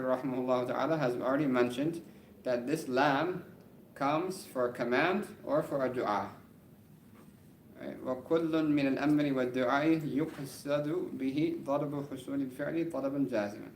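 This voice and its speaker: A man teaching an Arabic grammar class, reading the text quickly and then explaining it slowly, often checking in with "right?". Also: mid-range voice. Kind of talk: classroom lesson. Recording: roomy classroom with faint background noise.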